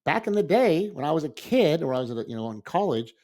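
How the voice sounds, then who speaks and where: A man's voice: on the high side, big pitch swings, fast, darkish tone. A man of sixty co-hosting a podcast, talking earnestly in a rambling, casual way and laughing often. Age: 60s. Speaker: podcast co-host.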